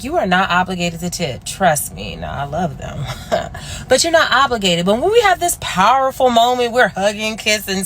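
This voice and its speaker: A woman's voice: a little high, sharp tone. A woman rideshare driver talking to camera in a sassy, playful, teasing way. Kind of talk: casual talk to camera.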